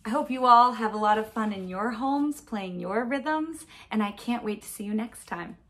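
A woman music teacher giving an upbeat at-home lesson for children, chanting rhythm syllables to a steady beat. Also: a little high, moderate pace.

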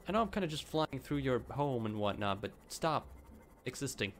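A streamer reacting live to a game, swearing constantly, whose voice jumps to squeaky highs when startled. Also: sing-song, moderate pace, slight background noise.

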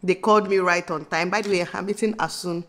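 A woman in her thirties with a Nigerian accent, chatting excitedly to camera in a casual vlog, bubbly and laughing often. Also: on the low side, quick pace. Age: 30s. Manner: bubbly, laughing, breaks into squeals. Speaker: vlogger.

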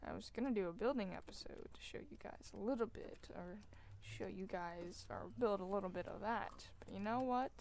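A woman hosting a gaming video, chatting casually as she plays. She mocks herself and breaks into loud, excited exclamations. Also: mid-range voice, moderate pace, creaky, hardly any pauses, a little hiss or hum. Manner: excitable, self-mocking, bursts into loud exclamations. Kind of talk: casual gameplay commentary. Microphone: desk microphone while gaming.

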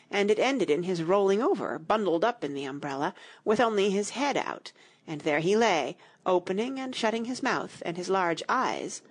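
Woman narrator for a children's audiobook, low-ish, husky, lively inflection. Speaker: audiobook reader.

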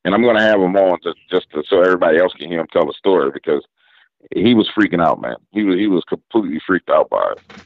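A man with a New Orleans accent and a voice on the low side, spinning a yarn as a radio guest. He acts out the back-and-forth of a conversation in laid-back, slangy speech. The sound is dry and dull, like lo-fi radio audio. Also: lively intonation, fast talker, vocal fry, no room sound. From New Orleans, Louisiana. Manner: retells story with quoted back-and-forth dialogue, drawling casual slang. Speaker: guest storyteller. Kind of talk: casual storytelling interview.

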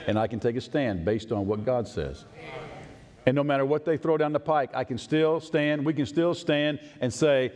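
In a church sanctuary with long reverb, a male pastor preaches a sermon at moderate pace in a slightly mellow, medium-pitched voice. He is emphatic yet conversational, often questioning the congregation.

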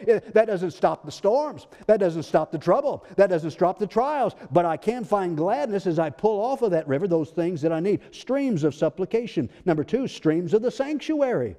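A man preaches a sermon, his voice sitting a little high for a man yet mellow and dark in tone. He presses his points with repeated rhetorical questions and rising emphasis. The sound carries a long reverb from a church hall. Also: lively intonation, fairly quick, hardly any pauses. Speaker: pastor. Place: church sanctuary.

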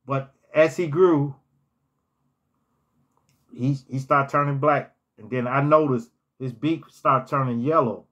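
A man's voice: mid-range voice, steady tone, slow, long pauses, fairly bright tone, dull audio. A man telling personal stories in a casual storytime vlog, rambling and often repeating words and restarting his phrases.

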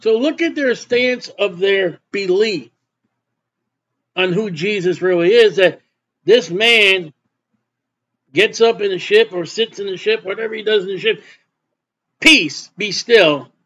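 In a muffled recording, a preacher with a high, somewhat bright voice reads scripture unhurriedly, leaving long pauses. After the verses, he offers plain, conversational explanations.

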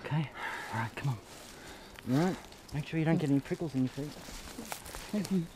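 An actor playing a bossy, volatile male maniac who swings from barking to hushed soothing, recorded outdoors with noticeable background noise. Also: on the high side, fairly quick, natural voice. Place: outdoors in a park.

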